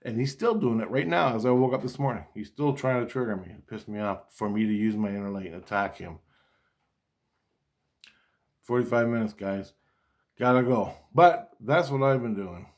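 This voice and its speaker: A middle-aged man talks straight to his audience in a loose, rambling monologue. He curses freely, stumbles and restarts his sentences, and slips into quoted back-and-forth dialogue. His voice sits at an ordinary middle pitch. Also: normal speed. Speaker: vlogger.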